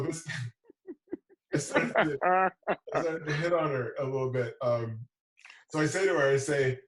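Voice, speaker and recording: A man with a slightly high voice tells stories on a casual livestream, laughing through them and acting out the funny bits. He sits back from the mic in a roomy, echoing space. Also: distant mic. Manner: laughs through his stories, animated retelling. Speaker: show host.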